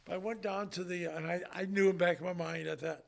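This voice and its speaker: An older man and former strongman, telling an emotional story in an earnest, halting way with many restarts. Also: high voice, steady tone, creaky. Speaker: retired strongman, guest.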